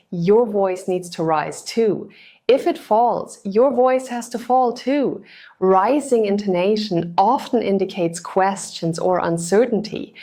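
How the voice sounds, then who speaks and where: A woman tutor narrating a scripted test-prep lesson in an even, instructional way. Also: lowish voice. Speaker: TOEFL tutor.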